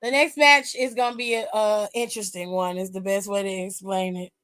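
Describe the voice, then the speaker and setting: A woman's voice: medium pitch, level tone, fairly quick, fairly bright tone, faint music behind. A woman hosting a wrestling aftershow, recapping matches in a blunt, sassy, casual way full of slang.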